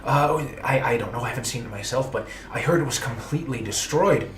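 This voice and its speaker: A man's voice: mid-range voice, a little fast, slight background noise, close to an everyday voice. A man voicing a pretentious, gossiping male vampire socialite, airy and hesitant. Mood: gossipy. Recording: roomy echo.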